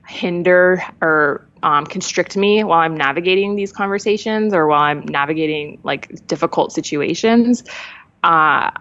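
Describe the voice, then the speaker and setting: A woman's voice: sits low, fairly bright tone, lo-fi sound. A woman guest talking candidly in a casual conversation, laughing often and shifting her pace. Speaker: podcast guest.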